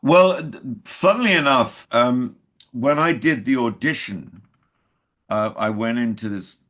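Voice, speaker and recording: A man's voice: medium pitch, measured pace, fairly bright tone. An older man from England, an actor guest in a casual interview, telling anecdotes and acting out quoted dialogue.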